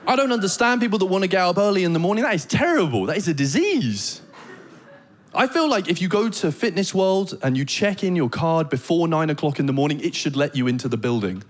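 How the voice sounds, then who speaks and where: A British man doing a stand-up comedy set on a theater stage, telling animated stories full of comic voices and mock Danish. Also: sits high, a little fast. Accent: British English. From Britain. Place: theater stage before a live audience.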